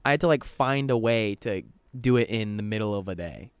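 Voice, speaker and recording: Low smooth dude rambling on a podcast, cusses a lot, dry close sound. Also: male voice, animated, a little fast, no room sound. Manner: rambling, swears often, quotes others in his own voice. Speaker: podcast co-host. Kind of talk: casual podcast chat.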